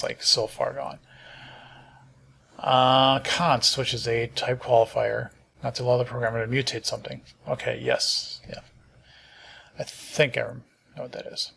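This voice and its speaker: A middle-aged man hosting a casual programming stream, tired and yawning, reading documentation aloud and thinking out loud with many fillers and restarts. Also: mid-range voice, creaky, slight background noise. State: sleepy, yawning.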